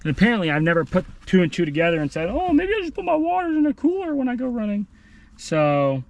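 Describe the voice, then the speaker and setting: Rambling sweaty man with a drawl. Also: fairly high pitch. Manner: rambling, jokey, self-deprecating. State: sweaty, out of breath after running. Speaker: vlogger. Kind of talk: casual running vlog.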